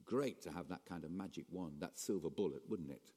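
Guy preaching, voice rings round the church hall, goes loud then drops to quiet asides. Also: low-pitched, fairly quick, slightly rough. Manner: animated, shifts between raised emphasis and quiet asides. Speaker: pastor. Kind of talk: sermon. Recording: long reverb of a church hall.

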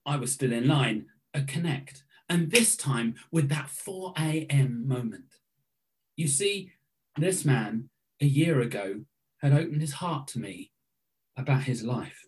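A man's voice: mid-range voice, expressive, a little slow, a little mellow. Man reading a reflective story aloud. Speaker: speaker giving a devotional talk.

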